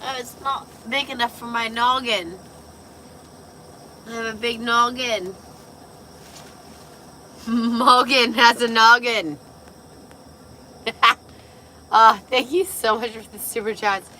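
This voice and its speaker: Raspy tipsy woman, slow and giggly. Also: on the high side, steady tone, bright, forceful tone, a little hiss or hum, poor audio. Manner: loose, giggly and swearing. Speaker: vlogger. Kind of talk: casual livestream chat.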